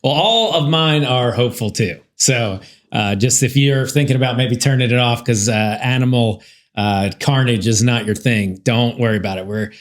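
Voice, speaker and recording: A man's voice: mid-range voice, moderate pace, echoey room. Easygoing, chuckling male co-host. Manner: easygoing, chuckles between phrases. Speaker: podcast co-host. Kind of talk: casual chat, reading news stories.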